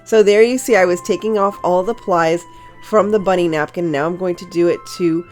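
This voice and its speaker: A cheerful woman narrates a crafting tutorial at her table in a slightly low voice. She talks in a chatty, gushing way and trails into small fillers. Soft music plays faintly behind her. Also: brisk. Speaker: crafting channel host.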